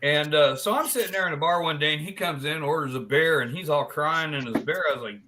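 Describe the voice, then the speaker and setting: A man hosting a live chat stream, telling long crude jokes in a loose, animated way. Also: a little high, a little fast, hardly any pauses, background noise. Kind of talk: joke telling in casual chat.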